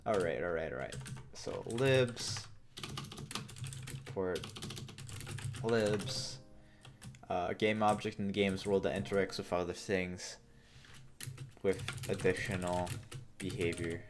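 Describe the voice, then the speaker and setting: A man's voice: sits low, takes it slowly, long pauses, noisy background. A man live-streaming as he codes, rambling and joking as he thinks aloud. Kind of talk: casual live-coding stream.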